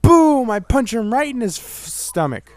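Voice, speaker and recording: A man's voice: sits high, big pitch swings, normal speed. A young man vlogging, telling a personal story in a rambling, casual way, full of "like" and "you know".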